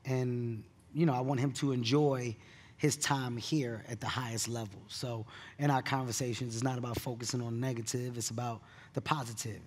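A man who is a comedian, telling stories in an onstage keynote interview with animated delivery and bursts of laughter. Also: mid-range voice. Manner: animated storyteller, laughs at his own story. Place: conference stage.

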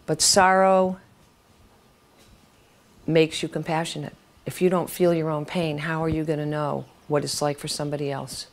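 Speaking in a low voice with little pitch movement, this woman keeps a moderate pace and pauses often. She's a writing teacher in her seventies, telling an audience frank stories, cursing freely and performing the voices of the people she quotes.

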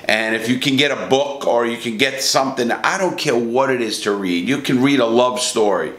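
A man's voice: mid-range voice, normal speed, a bit bright. Blunt, profane man telling prison stories. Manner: blunt, profane, rambling with restarts. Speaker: ex-prisoner storyteller. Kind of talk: casual first-person storytelling. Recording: echoey room.

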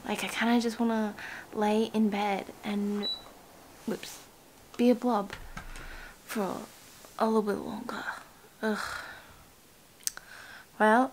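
A young woman talks casually to camera, rambling with lots of fillers and often dropping to a half-whisper. Her voice has a gravelly creak, and insects buzz faintly behind her. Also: mid-range voice, flat delivery, slow pace, a little hiss or hum, low-quality recording. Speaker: vlogger. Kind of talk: casual vlog talk. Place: outdoors by a bush with cicadas. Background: insects and cicadas.

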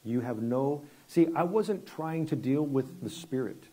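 A middle-aged man preaches as a guest pastor, his voice mellow and slightly husky. he talks loosely, stumbling over repeated words, then drops to a near hush for the tense parts of a story. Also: mid-range voice, expressive, measured pace. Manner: conversational, repeats words and restarts, drops quiet for dramatic story moments. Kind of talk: sermon with storytelling.

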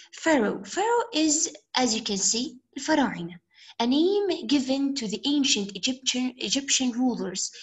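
A woman's voice: sits high, low-quality recording. Arabic-accented woman teaching English vocabulary. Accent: Levantine Arabic. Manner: patient, explains each word with examples and Arabic glosses. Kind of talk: vocabulary lesson.

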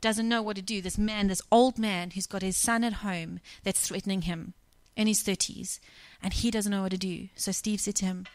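Woman preacher, mid-pitched, dry close-miked sound, relaxed storytelling sermon delivery. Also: moderate pace, hardly any pauses, dry recording. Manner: conversational, retells scenes with quoted dialogue. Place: church.

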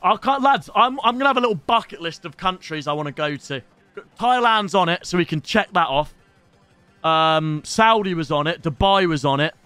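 Young male streamer, high bright voice, excitable sweary banter. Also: moderate pace, faint music behind. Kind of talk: casual live-stream pack-opening commentary. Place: home streaming setup.

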